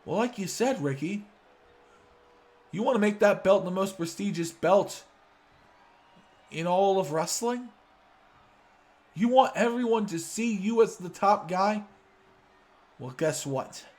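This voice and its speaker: A man's voice: high-pitched, lively intonation, slow, pauses often, a little mellow. A man doing an arrogant wrestler challenger. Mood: defiant. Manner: sarcastic, self-aggrandizing boasts. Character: arrogant fiery young male wrestler challenger. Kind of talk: wrestling promo role-play over a video game.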